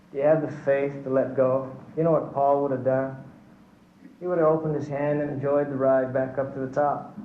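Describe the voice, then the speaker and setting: A man's voice: mid-range voice, a little hiss or hum. A man giving an earnest sermon full of stories, testifying and addressing his listeners as brothers and sisters. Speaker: church speaker. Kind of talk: sermon with storytelling. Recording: echoey hall, dull lo-fi recording.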